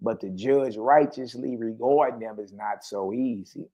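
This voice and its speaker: A man holds forth on spiritual matters in a loose, preachy, conversational way. He keeps tossing questions at his listeners as he goes. His voice sits at an ordinary middle pitch. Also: lively intonation, normal speed, hardly any pauses, dark tone. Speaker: online talk host. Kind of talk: casual spiritual commentary.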